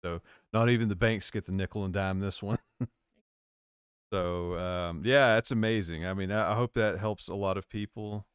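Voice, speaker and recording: A man co-hosts a live stream in a low, smooth voice, easygoing and joking, often wandering off mid-sentence. The sound is dry and close-miked. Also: moderate pace, no echo. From Virginia. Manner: laid-back, joking, rambling. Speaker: co-host.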